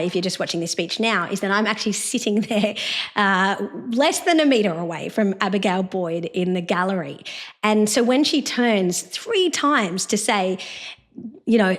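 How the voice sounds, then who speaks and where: A woman's voice: mid-range voice, normal speed. A woman host, giving emphatic, scornful political commentary. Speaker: host and law professor.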